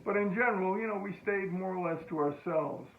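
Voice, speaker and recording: Older guy telling an old war story, gravelly, stops and restarts a lot, chuckles, tinny echoey sound. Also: high voice. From United States. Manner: halting, many restarts and chuckles. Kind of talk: oral history storytelling. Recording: tinny phone-like echoey room.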